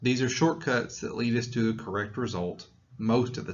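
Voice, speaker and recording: Man, mild Southern accent, lecturer, conversational, explanatory, mid-pitched voice, slightly lo-fi recording. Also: normal speed. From Tennessee, US. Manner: conversational, explanatory, with fillers and restarts. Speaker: psychology lecturer.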